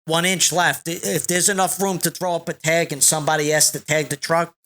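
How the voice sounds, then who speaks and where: A man speaking as a podcast guest, slow and deliberate, relaxed and rambling in casual conversation. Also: fairly high pitch. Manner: slow and deliberate, reciting a long list of names.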